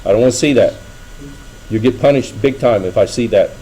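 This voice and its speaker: A man's voice: mid-range voice, fairly quick, mellow, a little hiss or hum, poor audio. Man lecturing a classroom, chatty. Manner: conversational, asks students frequent checking questions. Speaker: engineering lecturer.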